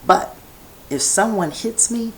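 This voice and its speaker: A woman's voice: medium pitch, expressive, slow pace, fairly bright tone, a little hiss or hum, rough recording. A woman vlogger talking in a meandering personal monologue from her home set, restarting her thoughts and drifting into chatty asides.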